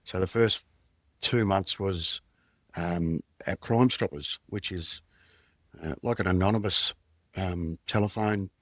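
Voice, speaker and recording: Australian man, low voice, dry sound. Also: no echo. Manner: plain-spoken, rambling recollection with slang. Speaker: podcast guest, former undercover detective. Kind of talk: candid storytelling in conversation.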